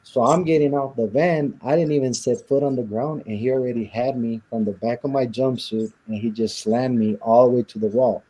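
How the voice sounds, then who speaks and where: A man from Southern California speaks as an interview guest in a very dark, mellow voice with a husky edge. He tells his story bluntly and with rough language, and he acts out the lines of the people in it. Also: medium pitch, steady tone, brisk, few pauses, low-quality recording.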